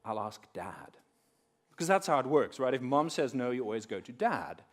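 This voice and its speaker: A young adult man telling a story to an audience at a workshop, animated and acting out the characters as he speaks. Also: mid-range voice, moderate pace. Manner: animated, acting out quoted characters with big swings in loudness. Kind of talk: lively storytelling talk to an audience. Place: conference room.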